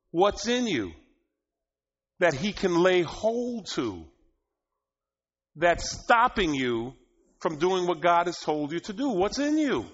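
A man preaching a sermon, often laughing and rising to loud, emphatic bursts, in a dull lo-fi recording. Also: a little high.

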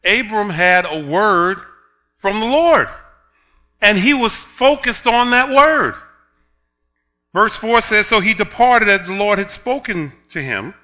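A man preaching a sermon, telling a story with laughs, then reading scripture slowly and building to loud emphatic points. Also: high voice, lively intonation, soft background music. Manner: drawn-out, slow reading of scripture.

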